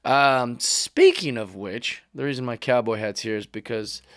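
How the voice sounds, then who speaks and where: A man's voice: mid-range voice, unhurried, fairly bright tone, no echo. A man, a comedian hosting his own podcast, talks in a rambling, wry, self-mocking way into a studio mic while wearing headphones. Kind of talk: casual podcast monologue.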